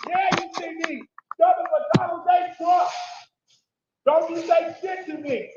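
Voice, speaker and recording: A man yells and curses at passersby outside a store. His voice sits very high and strained. The clip sounds dull and echoey, with loud street noise behind him. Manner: profane, ranting, yelling at passersby. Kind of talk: shouting confrontation in public. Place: outdoors by a store.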